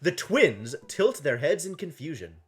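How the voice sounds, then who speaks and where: A man playing a story game aloud, reading narration and dialogue with animated delivery and frequent laughter. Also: unhurried. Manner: animated, laughing often, jumps into higher voices for characters. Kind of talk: casual game playthrough with read-aloud voices.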